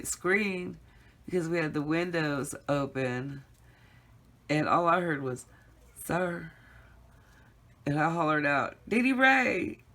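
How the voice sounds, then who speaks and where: A woman's voice: sits low, a bit bright. A middle-aged woman casually telling a rambling story to her viewers, laughing often and calling them y'all. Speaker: craft vlogger.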